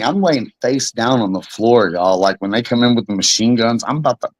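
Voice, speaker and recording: A young man, a bare-knuckle fighter, spins a tale as an interview guest, loose and profane, with his voice sitting mid-range for a man. The sound is dry and close, with no room around it. He tells it as a casual story, animated from start to finish. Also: mid-range voice, fairly quick, dry recording, low-quality recording.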